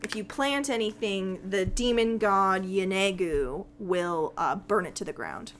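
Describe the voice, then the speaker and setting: A woman's voice: mid-range voice, measured pace, slight background noise. A young woman narrating as game master in a casual, rambling way full of fillers.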